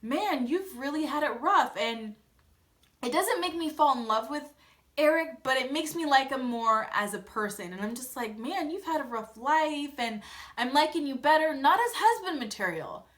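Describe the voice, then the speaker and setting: A woman's voice: sits high, lively intonation, moderate pace, fairly bright tone. A young woman vlogger giving a casual, blunt recap of a reality TV episode and acting out the scenes in quoted voices.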